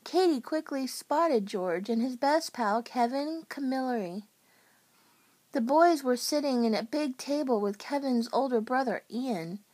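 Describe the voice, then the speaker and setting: A woman reading a children's storybook aloud at bedtime, gentle and unhurried. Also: high-pitched, animated.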